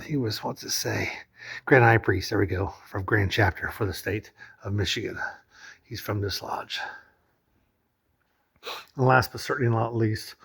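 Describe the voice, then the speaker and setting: Husky-voiced man rambling casually. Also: on the low side. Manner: rambling, chatty, with many fillers. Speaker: vlogger touring a lodge. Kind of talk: casual walkthrough narration. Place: indoors in a lodge room.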